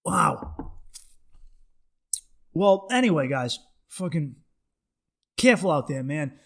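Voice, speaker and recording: A man's voice: a little high, big pitch swings, slow pace, gravelly, fairly bright tone. A young man hosting his podcast, telling stories in a loose, profane, rambling way. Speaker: podcast host. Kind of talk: casual monologue.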